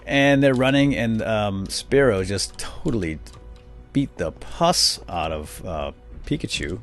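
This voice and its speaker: Low-voiced man rambling a casual recap. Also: expressive, slow pace, faint music behind. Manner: rambling, lots of fillers and chuckles. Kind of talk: casual recap while playing a game.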